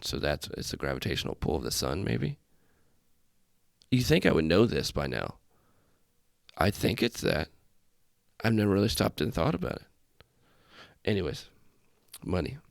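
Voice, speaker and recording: A man's voice: sits low, sing-song, normal speed, vocal fry, pauses often, no room sound, clean studio sound. A man hosting a casual solo podcast, talking in a rambling, self-deprecating way with frequent tangents, from a small room. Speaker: podcast host, airman. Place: small room with festive lights. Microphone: desk setup in front of laptop.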